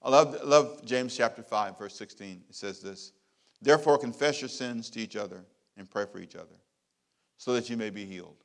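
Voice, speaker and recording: A middle-aged man, a pastor, preaching a sermon with emphatic repeated phrases and big swings in loudness. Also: mid-range voice, normal speed.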